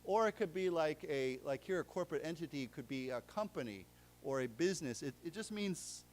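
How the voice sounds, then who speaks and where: American guy teaching english words, slightly high voice, lots of fillers and restarts. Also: expressive, darkish tone, slight background noise. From United States. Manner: explains vocabulary slowly, with many fillers and restarts. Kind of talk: live English lesson to a class. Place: lecture room in a library.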